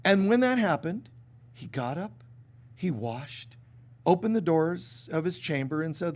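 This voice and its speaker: A man's voice: sits high, a little fast. A man giving a sermon to a live congregation, talking casually and animatedly, acting out little quoted exchanges. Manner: conversational and animated, with many restarts and acted-out quotes. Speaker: spiritual teacher. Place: stage before a live congregation.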